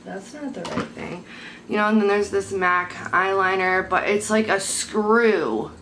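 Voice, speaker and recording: A young woman talks to her handheld camera at home, rambling from one thing to the next and turning blunt and sweary when something annoys her. Her voice sits at an ordinary middle pitch. A steady hiss runs under the home recording. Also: measured pace, low-quality recording. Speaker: beauty vlogger. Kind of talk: casual chat to camera. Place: at home, indoors. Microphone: handheld camera mic.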